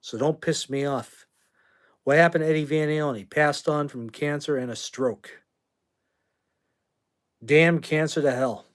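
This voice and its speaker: A man's voice: a little high, measured pace, long pauses. Man, 50s, from the US, livestream host, brash, rambling, talks trash to commenters. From United States. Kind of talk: casual livestream chat answering viewer comments.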